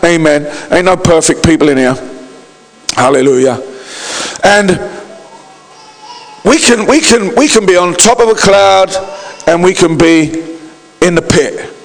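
A man's voice: high voice, unhurried, pauses often. A man preaching a sermon as pastor, calling out to the congregation for responses. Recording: long hall reverb.

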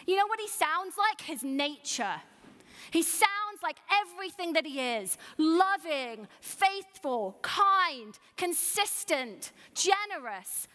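A woman's voice: very high-pitched, fairly bright tone. A woman in her thirties preaching a sermon as pastor, earnest and emphatic, putting rhetorical questions to the congregation. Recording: long hall reverb.

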